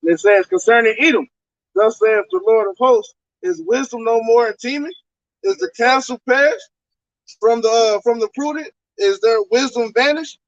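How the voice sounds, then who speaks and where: Man, high-ish voice, halting scripture reader, muffled dry recording. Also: no room sound. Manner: halting reading with fillers. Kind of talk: reading scripture aloud. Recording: dull, lo-fi dry sound.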